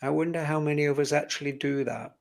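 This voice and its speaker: A man's voice: a little high, fairly even intonation, fast talker, vocal fry. A man taking part as a guest in a casual live-stream chat, speaking in an earnest, reflective way.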